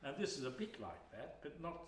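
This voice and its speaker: A man's voice: a little high, big pitch swings, brisk, a little hiss or hum. A man with an Australian accent telling rambling stories between folk songs and singing them at a live concert, with many ums and uhs. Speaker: folk singer and bandleader. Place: music hall. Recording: echoey hall with loud accordion music.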